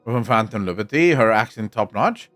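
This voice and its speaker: A man's voice: lowish voice, animated, normal speed, a bit bright, faint music behind. A man from South Africa whose first language is Afrikaans, speaking English with an Afrikaans accent, chatting casually and profanely while answering viewers' comments on a live stream.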